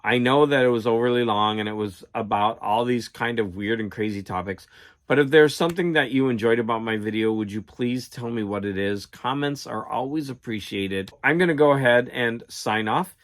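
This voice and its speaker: A man's voice: medium pitch, normal speed. A man hosting his own channel, telling a long exasperated story in a casual, rambling rant with many restarts. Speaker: channel host. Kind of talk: casual ranting vlog.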